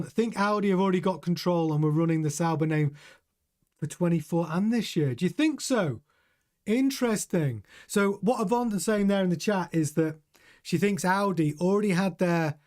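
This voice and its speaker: A man's voice: high voice, a little mellow. A man hosting a casual live stream about motor racing, chatty and opinionated, reading out viewer comments. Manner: chatty, opinionated, reads chat aloud. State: drinking coffee. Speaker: host.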